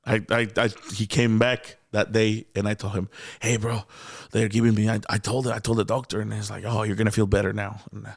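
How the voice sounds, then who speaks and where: Gravelly Mexican-accented man telling a story. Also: lowish voice, brisk, hardly any pauses, no room sound, studio quality. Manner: animated, laughing often, acts out quoted dialogue, many restarts. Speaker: guest comedian. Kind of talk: casual storytelling in a podcast interview.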